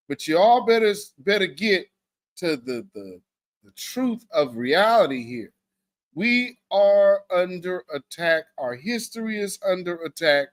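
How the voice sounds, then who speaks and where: A man's voice: a little high, a bit bright, dry recording. A man hosting a livestream, talking to his viewers with an emphatic, preacherly cadence. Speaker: livestream host. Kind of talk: livestream commentary.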